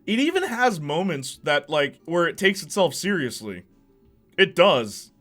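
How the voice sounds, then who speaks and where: Hyped guy doing a movie ranking, bright sharp voice, bouncy pitch, slangy, laughs a lot. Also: unhurried, faint music behind. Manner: excitable, laughs often, slangy. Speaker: host. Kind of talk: casual movie ranking commentary.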